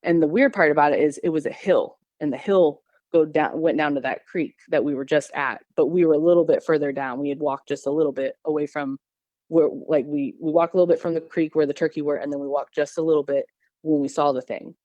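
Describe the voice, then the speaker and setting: A woman's voice: low-pitched, fairly even intonation, fairly quick, dark tone, no echo, dull audio. Woman, from Missouri, podcast guest, rambling storyteller, lots of ums and restarts, dry close recording. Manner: rambling, with many fillers and restarts. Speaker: podcast guest telling an encounter. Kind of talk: casual storytelling.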